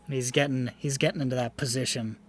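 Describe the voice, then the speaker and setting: A woman game master narrating a tabletop game in a casual, profane way, full of laughs and quick asides. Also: very deep voice, fairly even intonation, slight background noise.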